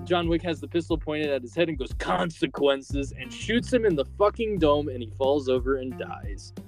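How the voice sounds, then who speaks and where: A man's voice: a little high, expressive, a little fast, faint music behind. A man hosting a podcast, casually recapping a film's plot with lots of filler words. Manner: rambling, filler-heavy storytelling. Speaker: podcast host.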